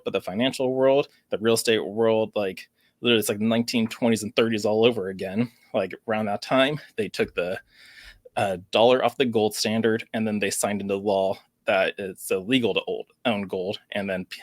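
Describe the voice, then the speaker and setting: A man's voice: fairly low pitch, dry recording, studio quality. A man hosting a crypto news vlog, reading an article aloud with small stumbles and adding sarcastic, worried commentary. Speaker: crypto channel host.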